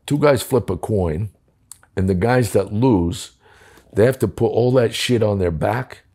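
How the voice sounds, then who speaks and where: With a low-sitting, warm voice, a man who once served as police commissioner tells a blunt story during a long interview. The American guest acts out the exchanges, profanity included.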